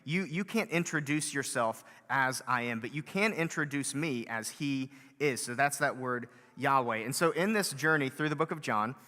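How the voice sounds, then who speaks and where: A man's voice: medium pitch, moderate pace, few pauses, bright, forceful tone. A man preaching a conversational sermon as pastor, with frequent fillers and building emphasis. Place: church hall. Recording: long hall reverb.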